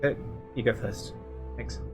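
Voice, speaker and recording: A man playing a tabletop fantasy game, narrating his character's actions in a hesitant, halting way. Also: soft background music. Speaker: player. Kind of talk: tabletop role-play narration.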